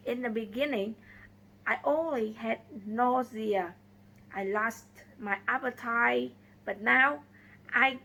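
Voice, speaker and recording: A woman narrating a simple scripted story in slow, deliberate short phrases. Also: a little high, creaky, a bit bright, poor audio. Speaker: storyteller for English learners.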